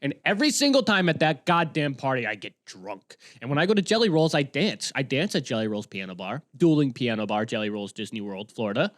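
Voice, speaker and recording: A young man tells a story on his own podcast in a loose, rambling way. He gets excitable and sometimes breaks into yelling, and his voice bounces all over the place. The sound is dry and close, with no room echo. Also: medium pitch, brisk, few pauses. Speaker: podcast host. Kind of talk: casual solo podcast monologue.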